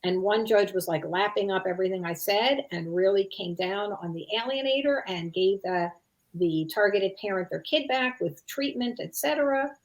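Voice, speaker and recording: A middle-aged woman speaking in a relaxed, conversational interview. She explains her points with care and slips into short spoken examples of what a parent might say. Her voice sits at an ordinary middle pitch. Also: moderate pace. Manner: thoughtful, quotes parents' lines as examples, frequent "you know" and "like". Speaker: expert guest on parental alienation.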